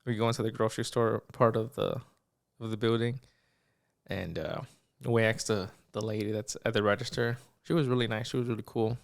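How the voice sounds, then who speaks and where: A young man, a podcast co-host, telling a story in casual chat, animated, acting out the people in it and swearing freely. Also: on the low side, a little fast, vocal fry.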